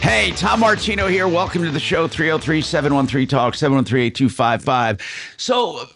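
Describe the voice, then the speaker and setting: A man's voice: a little high, normal speed, creaky, a bit bright, faint music behind. A man hosting a consumer call-in radio show, giving the phone number and chatting with his crew. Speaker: radio host. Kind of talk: radio hosting and studio chat.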